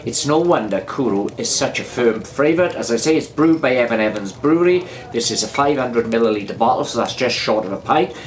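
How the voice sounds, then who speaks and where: A man's voice: mid-range voice, fairly bright tone, slight background noise. A Welsh man hosting a casual beer review vlog, chatty and rambling, repeating himself and drifting into anecdotes. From Wales.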